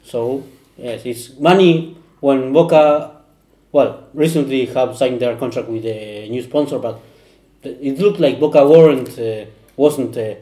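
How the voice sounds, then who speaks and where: Guy on a footy podcast, warm low-key tone, echoey room, lots of uhs. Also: measured pace. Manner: hesitant, searches for words. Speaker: podcast panelist. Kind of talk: casual football chat.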